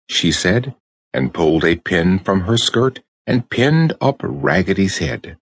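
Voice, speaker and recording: A man narrating a children's storybook audiobook with expressive storytelling. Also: deep voice, unhurried, dry recording.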